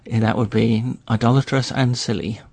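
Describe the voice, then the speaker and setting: A man with a gravelly, creaky voice unfolds a history tale at an easy storyteller's pace, with dry, wry asides. He is recorded close up in a dry studio with no room sound. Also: mid-range voice, steady tone, moderate pace, darkish tone, dry recording. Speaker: history guest on a radio show. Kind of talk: storytelling chat.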